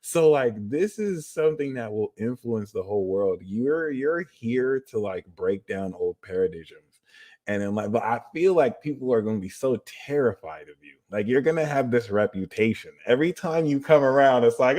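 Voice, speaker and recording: Animated young man giving a tarot reading. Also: fairly high pitch, normal speed. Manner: animated, slangy, swings into loud acted-out exclamations. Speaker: tarot reader. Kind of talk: live tarot reading, casual storytelling.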